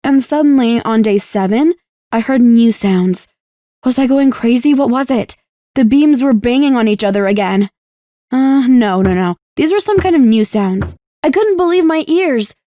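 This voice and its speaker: A young woman narrating a first-person animated story in a scripted, emotive storytelling delivery. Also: a little high, normal speed, no echo, clean studio sound.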